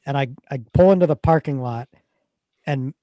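A man co-hosting a podcast, telling stories in a casual, animated way and often repeating his words as he starts a sentence. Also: medium pitch, normal speed, no room sound, clean studio sound. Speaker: podcast co-host. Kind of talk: casual chat.

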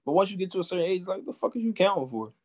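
A man's voice: sits high, animated, racing, darkish tone. A young man hosting a casual chat, giving blunt and profane opinions.

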